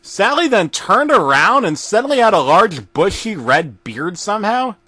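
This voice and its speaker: High-voiced man telling a crude comedy horror tale. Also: big pitch swings, moderate pace, sharp tone, husky, dry recording. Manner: crude, profane storytelling. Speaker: narrator. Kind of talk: comedic horror story reading.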